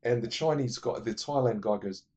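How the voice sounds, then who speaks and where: A man's voice: mid-range voice, moderate pace, mellow, muffled recording. A man casually retelling a movie plot for his film-ranking vlog, digressive, blunt and profane. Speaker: movie list vlogger.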